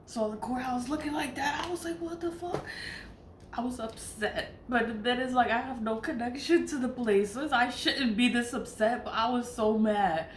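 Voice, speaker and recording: A woman's voice: on the high side, fairly bright tone, slight background noise. A woman vlogging in a casual, chatty way, swearing freely and laughing often. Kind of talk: casual spiritual vlog chat. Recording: echoey room with faint ambience.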